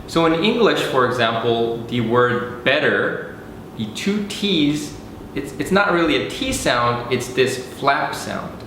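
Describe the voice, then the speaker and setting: A man teaching English pronunciation in a clear, deliberate lesson, slowly stressing the example words. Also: mid-range voice, sing-song, a bit bright, very echoey, slight background noise. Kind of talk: scripted lesson.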